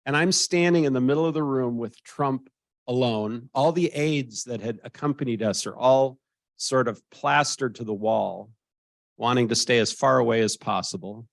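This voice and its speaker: A man's voice: medium pitch, moderate pace, creaky, no room sound. A man in his sixties with an American accent, telling an anecdote as a guest and acting out the voices of others. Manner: animated, acts out quoted voices. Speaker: interviewee. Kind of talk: storytelling anecdote.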